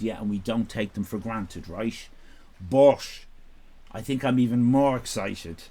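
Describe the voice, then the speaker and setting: Male streamer, rambling and self-mocking, very animated pitch. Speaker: live streamer. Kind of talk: casual live-stream chat.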